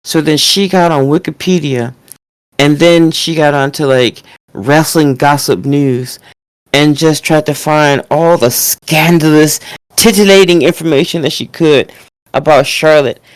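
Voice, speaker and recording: Woman, lowish voice, casual ranting podcast talk, swears a lot, dry close sound. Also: a little slow, no echo. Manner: profane, ranting, mocking impressions. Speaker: podcast co-host.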